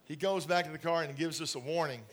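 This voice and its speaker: High-voiced male pastor preaching. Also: quick pace, fairly bright tone, slight background noise. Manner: storytelling with laughs and asides to the congregation. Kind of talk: sermon. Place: church in front of a congregation.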